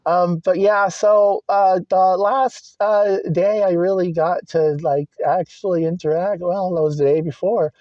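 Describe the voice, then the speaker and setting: Casting note: young man, confessional vlog monologue, rambling and profane, fairly high voice, dull dry sound. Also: steady tone, unhurried, hardly any pauses, a little mellow, dry recording. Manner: rambling, filler-heavy, candid and profane. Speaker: vlogger. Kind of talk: personal storytelling monologue.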